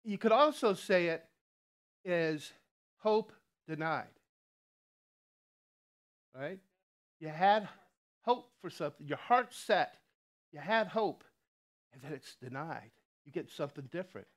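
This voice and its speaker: A man delivers a sermon in an easygoing, conversational manner, dropping asides and chuckling along the way. His voice sits a little high for a man. He takes his time, speaking at a slow, unhurried pace. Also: animated. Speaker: lay preacher.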